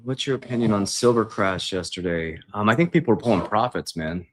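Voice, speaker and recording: A man with a deep, low voice hosts a relaxed livestream from his kitchen. He talks loosely and conversationally, often tossing in "man," and reads viewer questions aloud before answering them off the cuff. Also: a little fast, slight background noise. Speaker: investing coach. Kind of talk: casual livestream Q&A. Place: home kitchen.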